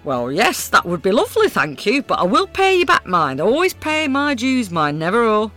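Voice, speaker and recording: A woman's voice: on the high side, very animated, normal speed, fairly bright tone, faint music behind, voice pushed up. A woman voicing a flustered, blunt older woman in a comic audio sketch, homely and grumbling. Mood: fretful. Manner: homely, grumbling, full of pet names.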